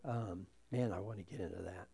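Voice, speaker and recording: A man preaching a sermon, reading scripture and leading a prayer, swinging from loud emphasis to quiet asides. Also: low-pitched, a little fast, creaky, husky. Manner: reads scripture aloud and leads the congregation in prayer. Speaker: pastor.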